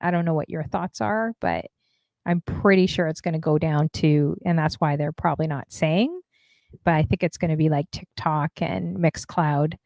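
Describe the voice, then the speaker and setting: A woman's voice: sits low, moderate pace, creaky, darkish tone, no echo. A woman hosting a casual interview, talking in a chatty, rambling way with lots of fillers and some exasperation. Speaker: interview host and DJ streamer.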